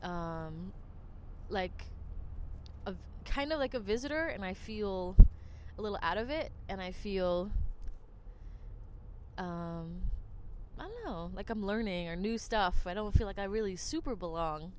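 A woman's voice: mid-range voice, lively intonation, measured pace, slight background noise. A woman with a New Jersey accent hosting a podcast, talking in a rambling, chatty way with lots of fillers. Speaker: podcast host. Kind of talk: casual monologue.

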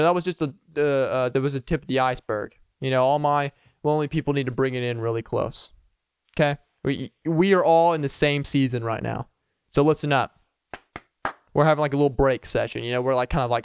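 A man's voice: medium pitch, clear, resonant tone, no echo, studio quality. Playful rambling male podcast host. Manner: rambling, playful, chuckles a lot. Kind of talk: casual solo podcast chat.

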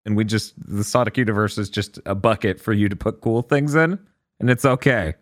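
A man chatting about video games on a podcast, excitable and quick to launch into a rant. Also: on the low side, dry recording, studio quality. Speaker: podcast co-host. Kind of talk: casual gaming podcast chat.

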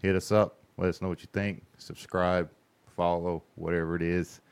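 A man's voice: low voice, flat delivery, normal speed, smooth. A man co-hosting a podcast, laid-back in casual chat, reading out the sign-off. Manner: laid-back, wraps up the show. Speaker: podcast co-host.

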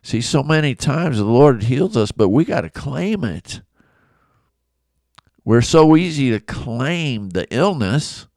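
A man's voice: medium pitch, gravelly, a little mellow, dry recording, clean studio sound. A man giving a casual, conversational Bible lesson, acting out the people in the story. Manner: conversational, acts out quoted voices. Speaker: Bible teacher.

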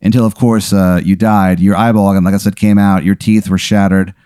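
Male podcast host, lower voice, rambling deadpan improv storyteller, dry sound. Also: moderate pace, smooth, no room sound. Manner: rambling, lots of fillers and deadpan escalation.

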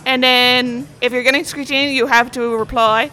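A woman's voice: sits high, steady tone, normal speed, bright, forceful tone. A woman from Newfoundland chatting casually at a restaurant dinner table in a loose, joking, rambling way. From Newfoundland, Canada. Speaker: dinner guest. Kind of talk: casual chat.

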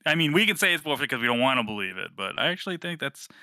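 A man's voice: medium pitch, sing-song, very fast, pushed and bright, no echo, clean studio sound. A man in his thirties co-hosting a gaming podcast, laughing often and swearing casually. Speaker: podcast co-host. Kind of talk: casual chat.

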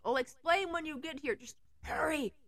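A woman's voice: sits high, moderate pace, a bit bright, voice pushed up. A woman putting on an anxious cartoon slacker guy, "like"-drawling. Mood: urgent. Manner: drawling "like" filler, raised urgent voice. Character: laid-back young male cartoon slacker, anxious.

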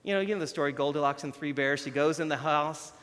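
Chatty preacher in a big echoing hall. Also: male voice, fairly high pitch, fast, a bit bright. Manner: chatty, self-deprecating, shows props while talking. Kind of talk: conversational sermon.

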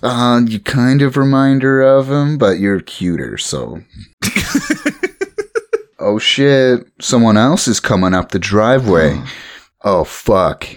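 A man's voice: medium pitch, animated, takes it slowly. A man narrating as game master of a comedic tabletop game, laid-back and drawling.

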